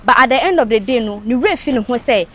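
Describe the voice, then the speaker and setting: A woman's voice: fairly high pitch, lively intonation, fast, fairly bright tone, slight background noise. A woman with a Ghanaian English accent speaking frankly and emphatically as a panelist on a casual talk show. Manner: frank, emphatic, mixes in local phrases.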